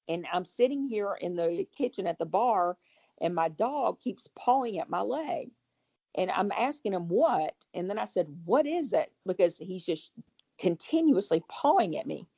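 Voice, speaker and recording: A woman, a guest homeowner, telling a ghost story in a chatty, rambling way with quick restarts. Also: mid-range voice, animated, gravelly, dark tone, husky. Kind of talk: casual storytelling.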